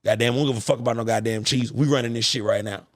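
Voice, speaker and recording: A man hosting a podcast, ranting in a casual, profane, animated monologue. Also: mid-range voice, racing, dry recording, studio quality. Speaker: podcast host.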